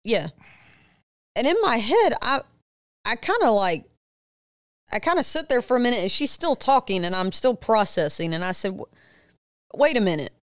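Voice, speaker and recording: A woman's voice: moderate pace, pauses often, no room sound, studio quality. A middle-aged woman co-hosting a podcast, telling a story in casual chat and acting out the people she quotes with a rising voice. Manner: animated retelling, quoting others with rising pitch. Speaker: podcast co-host.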